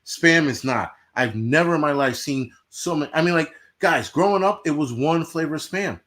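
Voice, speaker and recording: A man's voice: on the high side, normal speed, fairly bright tone. A man hosting a livestream, ranting bluntly and profanely to his chat in casual talk. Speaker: livestream host.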